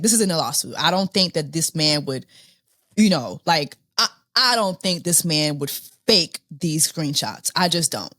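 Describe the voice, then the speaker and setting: A woman's voice: on the low side, fairly bright tone, dry recording, clean studio sound. A woman in her thirties hosting a podcast, speaking with exasperated disbelief, repeating herself and laughing often. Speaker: podcast host. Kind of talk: casual commentary.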